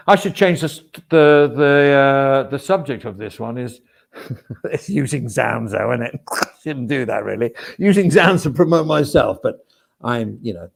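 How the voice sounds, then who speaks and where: A middle-aged man talks loosely to his livestream viewers, his voice rough with a steady gravelly fry. He rambles from one aside to the next, often filling gaps with small words. He pokes fun at himself in an easy, chatty way. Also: medium pitch. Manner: rambling and self-deprecating; chatty, with frequent fillers and asides. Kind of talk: casual livestream chat.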